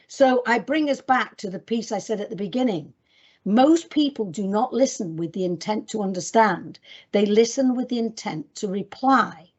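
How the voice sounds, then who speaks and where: A woman's voice: fairly high pitch, lively intonation, moderate pace, darkish tone, breathy edge, highs cut off. A woman presenting to clinicians in a webinar, talking directly and emphatically as she moves through her slides. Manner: direct, emphatic, addresses audience as guys.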